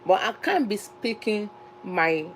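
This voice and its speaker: A Nigerian woman speaks straight to her viewers in an earnest, repetitive way, circling back and restarting her sentences as she makes her point. Her voice sits at an ordinary middle pitch. A faint hum runs underneath the recording. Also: big pitch swings, slow pace, low-quality recording. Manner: earnest, repeats herself, restarts phrases. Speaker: cooking channel host. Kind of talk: casual talk to camera.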